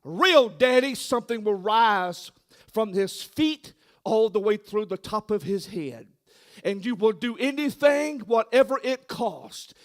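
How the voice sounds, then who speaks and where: A man preaches in church with a high, ringing voice. His delivery is impassioned, swinging from shouting to a hushed near-whisper. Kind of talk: sermon.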